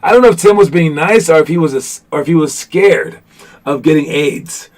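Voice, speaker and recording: A man's voice: fairly high pitch, a little fast. A man hosting a casual basketball podcast, joking and teasing his chat with lots of restarts. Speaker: podcast host. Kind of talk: casual live-stream chat.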